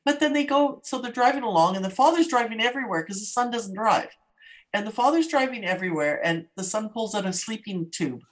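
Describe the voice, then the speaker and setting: Chatty woman co-host from Canada, animated storyteller, laughs easily. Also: a little high, a little fast. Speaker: podcast co-host. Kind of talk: casual chat.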